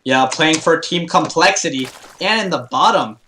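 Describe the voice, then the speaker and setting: A man co-commentating a video game in a relaxed, giggly way. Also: on the high side, normal speed, a little hiss or hum. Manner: easygoing, giggly.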